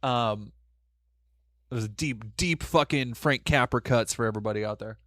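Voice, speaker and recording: A man's voice: medium pitch, moderate pace, no room sound, studio quality. A man hosting a live stream, ranting casually with lots of swearing. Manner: profane, animated, ranting. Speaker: streamer host.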